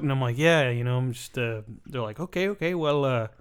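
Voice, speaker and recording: A man's voice: mid-range voice, a little fast, few pauses, smooth. A man co-hosting a casual podcast, telling a wry story and acting out what people said. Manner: wry, joking, acts out quotes. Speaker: podcast co-host. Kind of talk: casual chat.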